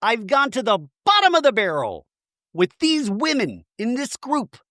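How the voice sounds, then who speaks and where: A shrill, outraged woman scolding a rival, as a man puts her on, her voice leaping to piercing highs and swooping lower between sentences. She sounds indignant and unforgiving. The recording is close and dry. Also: sing-song, a little slow, fairly bright tone, no echo, exaggerated voice. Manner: indignant, scolding, pitch shooting up high.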